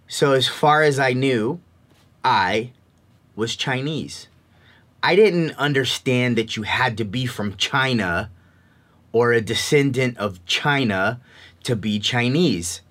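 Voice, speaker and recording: A man telling a personal story in a talk, in an expressive, animated way. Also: medium pitch. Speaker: speaker.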